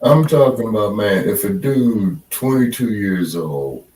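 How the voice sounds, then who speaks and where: A man's voice: fairly low pitch, expressive, unhurried, mellow, distant mic, a little hiss or hum. A man co-hosting a casual political chat, talking bluntly and profanely with strong emphasis. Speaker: co-host. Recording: roomy echo, set back from the mic.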